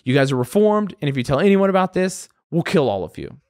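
A man voicing a menacing tattooed ex-gang member who makes blunt, gruff threats. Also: a little high, big pitch swings, quick pace, darkish tone, dry recording, clean studio sound. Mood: threatening.

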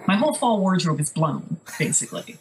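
A woman's voice: on the low side, expressive, a little fast, a little hiss or hum, low-quality recording. A woman co-hosting a podcast, telling stories in a chatty, wry, casual way. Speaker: podcast co-host. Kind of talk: casual chat.

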